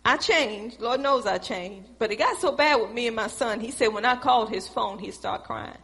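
A middle-aged woman telling a preached testimony, speaking in an animated storytelling way and calling out to her audience. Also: fairly high pitch, normal speed.

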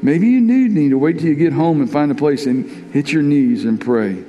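A man's voice: a little high, lively intonation, moderate pace, warm tone, dull audio. A man preaching a sermon as pastor, earnest and openly emotional, often repeating his words as he urges the congregation. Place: church sanctuary. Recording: long reverb in a big church hall.

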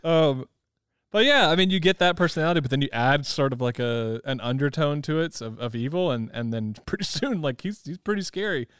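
A man's voice: a little high, lively intonation, brisk, fairly bright tone, smooth, dry recording, clean studio sound. A man co-hosting a podcast, talking casually about films, rambling and laughing often. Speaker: podcast co-host. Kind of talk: casual movie chat.

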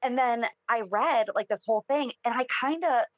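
A woman co-hosting a podcast, talking in a chatty, quick, casual way. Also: on the high side, no echo, lo-fi sound. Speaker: podcast co-host. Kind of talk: casual chat.

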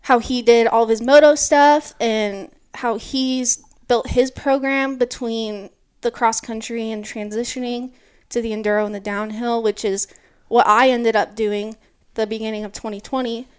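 A woman in her early twenties, a mountain bike racer, telling an animated story in an interview and peppering it with "like". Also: a little high, moderate pace, smooth. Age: early 20s. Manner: animated, lots of "like", acts out quotes.

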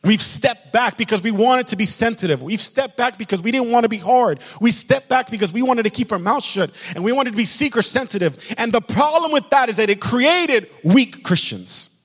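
A man pastor delivers an impassioned sermon in a high, lifted voice. He drives his points home by saying them again and again. His voice carries a long reverb from the church hall. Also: animated, normal speed, few pauses. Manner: impassioned preaching, repeats lines for emphasis. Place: church sanctuary.

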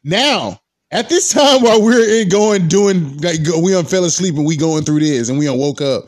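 A young man in his twenties telling a story in a casual, animated way, full of profanity and slang. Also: a little high, moderate pace, no echo, clean studio sound.

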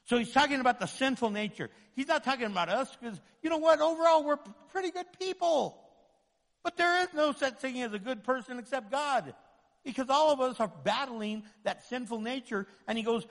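A man preaching with fervor, driving his points home through repetition and voicing the doubts of his listeners. His voice sits high for a man. It rings out with a long reverb. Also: lively intonation, moderate pace, fairly bright tone. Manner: impassioned, repetitive preaching with acted inner voices. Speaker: pastor. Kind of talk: sermon.

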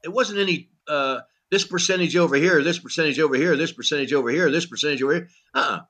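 An older man, once a pitching coach, speaks fast in a fairly high voice as a podcast guest telling blunt, salty stories. He's an animated storyteller who performs each bit of dialogue and keeps saying "you know."

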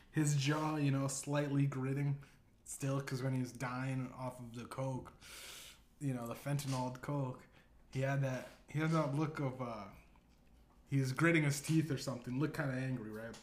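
A man's voice: medium pitch, steady tone, a little slow, a little hiss or hum. A man hosting a podcast, telling a rambling comedic story full of profanity and asides. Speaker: podcast host. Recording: echoey room.

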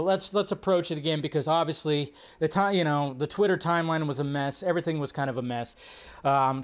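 A man hosting a casual live commentary show. His voice sits a bit high, and he rambles with plenty of fillers, restarts and swearing. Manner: rambling, full of fillers and profanity. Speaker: host.

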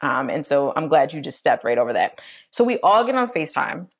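A woman's voice: brisk, gravelly. A young adult woman co-hosting a podcast, telling a personal story in casual chat and acting out quoted voices. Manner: animated, acts out quotes in a high voice. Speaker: podcast co-host.

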